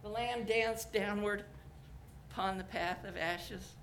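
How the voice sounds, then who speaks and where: A woman's voice: medium pitch, slow pace, fairly bright tone, a little hiss or hum. A woman telling a scriptural story and closing with reflective questions and a blessing, in a meditative sermon style.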